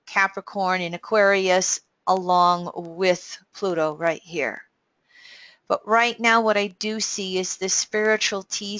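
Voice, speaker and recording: Slow, earnest American woman astrologer. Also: mid-range voice, pushed and bright, dry recording, highs cut off. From United States. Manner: unhurried, earnest, self-correcting. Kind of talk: astrology forecast talk.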